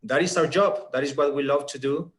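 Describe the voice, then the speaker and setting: A man's voice: fairly high pitch, brisk. Earnest man giving a business talk. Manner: earnest, emphatic, persuasive. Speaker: regional director presenting. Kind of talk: business presentation.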